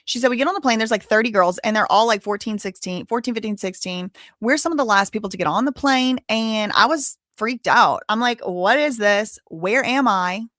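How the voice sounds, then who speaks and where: A woman's voice: a little high, brisk, few pauses, a bit bright, no echo, studio quality. A woman hosting a live show, talking casually as she paraphrases and comments on a translated clip. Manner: chatty, interrupting to paraphrase and comment. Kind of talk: live-stream commentary, reading translated subtitles aloud.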